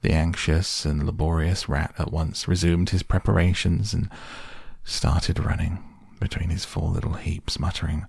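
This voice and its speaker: A man softly reading a classic children's book aloud as a bedtime story, calm and unhurried. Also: low voice, vocal fry, breathy edge, dry recording, clean studio sound. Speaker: podcast host and reader. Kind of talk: soft bedtime audiobook reading.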